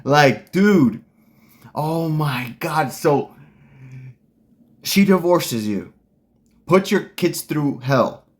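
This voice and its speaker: A man's voice: a little high, lively intonation, very slow, pauses often. A man hosting a casual commentary, ranting bluntly and heatedly with lots of slang. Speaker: commentary host.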